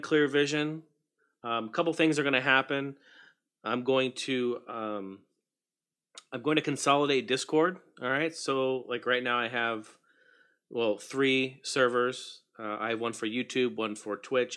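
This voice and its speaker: Bright-voiced man chatting on a livestream. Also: mid-range voice. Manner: chatty, greets viewers by name, mutters while fixing tech. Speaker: livestream host. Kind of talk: casual livestream chat.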